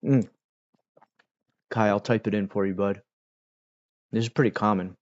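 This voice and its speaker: Low-voiced laid-back streamer man. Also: steady tone, moderate pace. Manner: laid-back and slangy, filler-heavy. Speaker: livestream host answering chat. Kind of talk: casual livestream chat. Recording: dull lo-fi sound.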